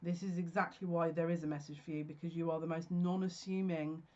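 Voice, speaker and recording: Slow, searching psychic reader. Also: medium pitch, level tone, a little mellow, muffled recording. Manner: slow, searching, stop-start channeling talk. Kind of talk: solo general reading to camera.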